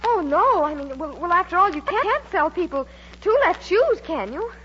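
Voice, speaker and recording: A woman's voice: high-pitched, animated, fairly quick, fairly bright tone. An actress playing a nervous, hesitant young woman shop clerk, in 1940s radio acting. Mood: flustered. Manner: flustered and hesitant. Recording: dull vintage radio broadcast, faint hum.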